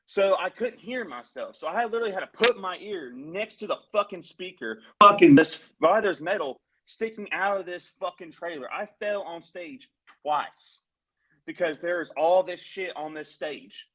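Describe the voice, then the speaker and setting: A man's voice: high voice, lively intonation, normal speed, fairly bright tone, rough recording. A man, a musician guest on a live stream, telling a long story in a heated, profane, rambling way.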